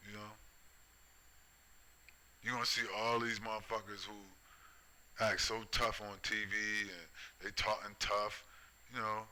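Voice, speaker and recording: A man's voice: on the low side, flat delivery, measured pace, pauses often, bright, forceful tone, poor audio. A middle-aged man delivering a preachy, profane rant, full of repetition and tag questions. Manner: profane, repetitive, keeps asking "right?" and "you see?". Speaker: vlogger. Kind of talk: preachy ranting monologue.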